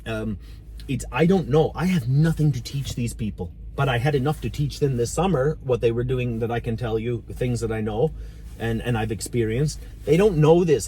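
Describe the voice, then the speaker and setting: A man's voice: mid-range voice, mellow, slight background noise. A man talking in a casual sit-down conversation, blunt and ranting, swearing freely. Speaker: volunteer driver and channel host.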